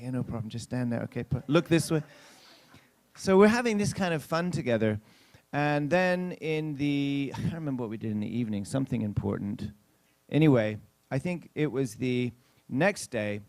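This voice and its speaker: Man, pastor, storytelling sermon, anecdotal, mid-pitched voice, dry close sound. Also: a little mellow, no echo. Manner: chatty anecdotal telling with acted-out quotes; addresses the congregation directly.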